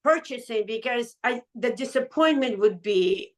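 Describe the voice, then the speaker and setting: A woman's voice: a little high, animated, unhurried, poor audio. Emotional middle-aged woman telling her story. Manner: emotional, rambling, restarts often. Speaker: patch seller sharing her testimonial. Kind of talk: casual conversational testimony.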